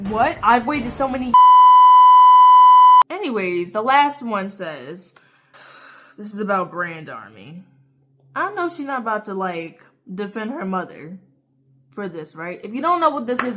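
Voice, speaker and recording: A woman giving casual reaction commentary as a vlogger, full of "like" fillers and indignant outbursts. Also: mid-range voice. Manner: heavy "like" fillers, indignant and expressive.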